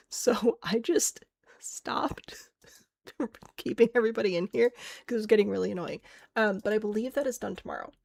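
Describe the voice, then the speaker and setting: A woman's voice: mid-range voice, creaky, dry recording, studio quality. A woman streaming a game, chatting casually, thinking aloud and answering chat with self-mocking laughs. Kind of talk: casual live-stream chat while playing.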